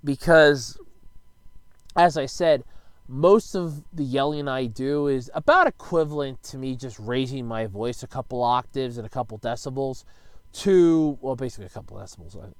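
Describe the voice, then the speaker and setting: Casual male vlogger with a mid-pitched voice, rambling and cursing, with sudden loud bursts; close mic, dry room. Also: normal speed, no room sound. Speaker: YouTuber answering viewer questions. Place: his bedroom at home. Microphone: close desk microphone.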